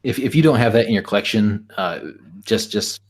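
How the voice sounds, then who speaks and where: A man's voice: fairly low pitch, a little fast. A man hosting a stream, chatting casually and joking, rambling with fillers and restarts. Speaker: stream host. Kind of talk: casual group chat.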